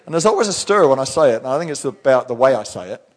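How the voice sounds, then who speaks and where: A man's voice: medium pitch, sing-song, fast talker. A middle-aged male pastor preaching a sermon in church, talking in a conversational, storytelling way with frequent restarts.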